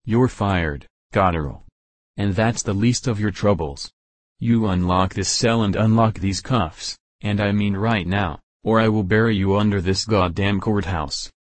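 A man voicing a gruff, menacing sheriff, in an audiobook. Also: on the low side, unhurried, dry recording. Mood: furious. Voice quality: gravelly. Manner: snarling, threatening.

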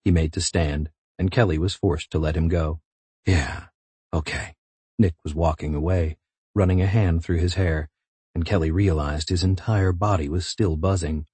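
A man narrating a novel in a measured, intimate reading. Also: sits low, fairly even intonation, mellow, breathy edge, no echo. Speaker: audiobook narrator. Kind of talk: scripted narration.

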